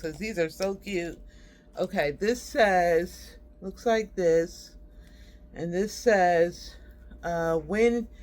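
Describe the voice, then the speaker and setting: A woman hosting a casual haul vlog, chatty and friendly, calling viewers y'all and laughing as she shows her finds. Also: lowish voice. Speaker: host.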